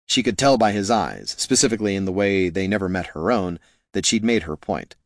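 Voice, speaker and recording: A man narrating a fantasy novel in a steady, measured way. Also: sits low, dry recording, studio quality. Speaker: audiobook narrator.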